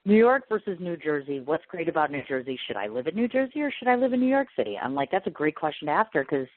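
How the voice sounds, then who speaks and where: A woman's voice: sits low, sing-song, fast. A woman from the Midwest hosting a radio interview show, bubbly and gushing in casual chat. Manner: bubbly, gushing, self-deprecating. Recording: tinny phone-line radio sound.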